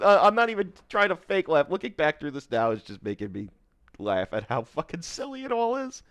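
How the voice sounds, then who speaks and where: A man's voice: fairly high pitch, very animated, fairly quick, fairly bright tone, no room sound. A man streaming casual commentary, crude and mocking as he reads old chat logs aloud.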